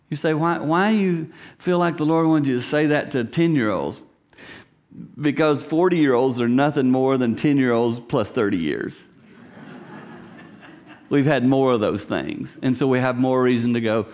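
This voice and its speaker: Middle-aged male pastor, sermon, animated delivery that dips into whispers, mid pitch. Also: a little slow. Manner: animated, swings from loud to hushed whispers, acts out voices.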